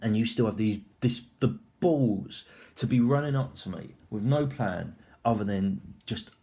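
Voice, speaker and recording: A young man giving a casual, rambling film review, excitable and full of swearing and filler words. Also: on the low side, measured pace.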